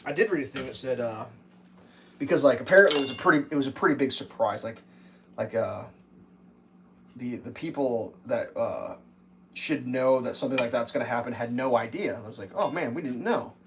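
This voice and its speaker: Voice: medium pitch, brisk, noisy background. A person around forty ranting sarcastically and swearing in casual rambling chat while cooking on a livestream. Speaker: livestream host.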